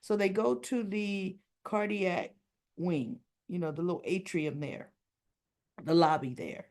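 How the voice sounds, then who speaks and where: A woman walks through a soap opera episode in a relaxed, unhurried recap, quoting what each character said. Her voice has a gravelly, fried edge. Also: on the low side. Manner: retells scenes, quoting each character in turn.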